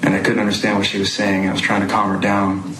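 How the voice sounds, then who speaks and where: A man testifying as a witness in court, speaking haltingly with many pauses and fillers. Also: fairly low pitch, completely flat delivery. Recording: echoey noisy courtroom audio.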